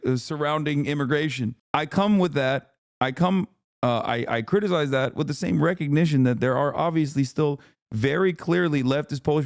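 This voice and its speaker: A male live streamer riffing and swearing loosely, laughing between rambling thoughts. His voice is smooth and clear, picked up close on a dry desk mic with no room sound. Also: mid-range voice, darkish tone, no room sound. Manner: profane, rambling, laughs often. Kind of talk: live-stream reaction talk.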